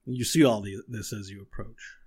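A man's voice: lowish voice, steady tone, normal speed, darkish tone, breathy edge. A man narrating as game master, describing scenes with fillers and restarts.

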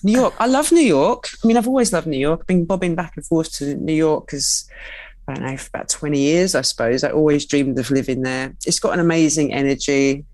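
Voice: mid-range voice, a little fast, dry recording. A guest, speaking candidly and expressively in conversation, with lots of "like" and asides. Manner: expressive, chatty, full of "like" and asides. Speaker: guest, writer and cook.

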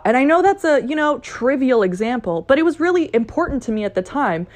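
Young woman, solo podcast host, casual and profane, slightly high voice. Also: a little fast. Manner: chatty, profane, playful, mimics excited voices.

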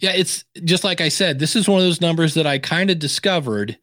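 A man talks casually as a guest on a podcast, animated and bouncing from one anecdote to the next while he acts out the other voices. His voice sits a little on the high side. The recording is dry and close, with no room sound. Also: brisk, no echo. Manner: animated storyteller acting out quoted exchanges. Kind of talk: casual interview talk.

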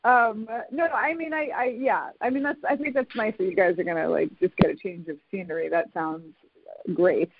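A podcast host in casual conversation, talking haltingly with many fillers and restarts. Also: medium pitch, fairly even intonation, no echo. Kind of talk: casual conversation over a call. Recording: tinny phone-like line, dry.

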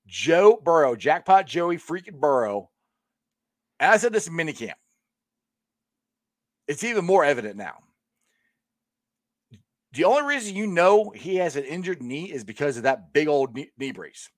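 A man's voice: on the high side, big pitch swings, normal speed, long pauses, no room sound, studio quality. A middle-aged man hosting his own sports show, talking casually and rambling to his viewers, with frequent laughs. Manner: chatty, rambling, laughs often.

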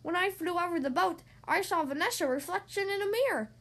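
A woman voicing an excitable male seagull in a storybook reading, alarmed and rushed. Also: very high-pitched, voice pushed up.

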